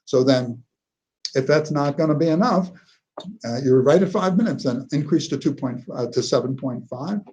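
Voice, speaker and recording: In a lecture hall, a man gives a neurology lecture in a conversational, anecdotal way, telling clinical stories and often checking in with "okay?". His voice is medium-pitched and darkish, at a moderate pace. The recording is rough, with slight background noise.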